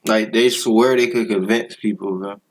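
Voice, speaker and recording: A man streaming, making loud, mocking reaction comments. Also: lowish voice, fairly even intonation, moderate pace, low-quality recording.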